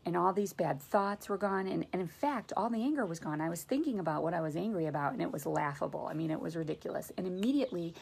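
A woman's voice: on the low side, animated, fast, vocal fry, few pauses, darkish tone, breathy edge. A woman hosting a faith video, casually teaching about dreams and reading scripture aloud in an earnest, conversational way.

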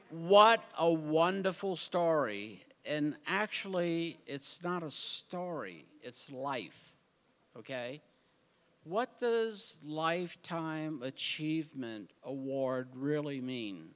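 Man, folksy award speech, slow, somewhat high voice, long hall reverb. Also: animated, a bit bright, clean tone. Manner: folksy, talks to the crowd. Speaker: award presenter. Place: large hall at an award show.

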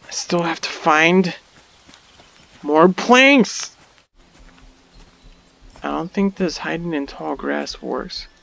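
A man's voice: on the high side, lively intonation, takes it slowly, creaky, long pauses, pushed and bright. A man playing a survival game, reacting aloud in panicky, exclamatory bursts and talking to himself. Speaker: gamer. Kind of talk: let's play commentary.

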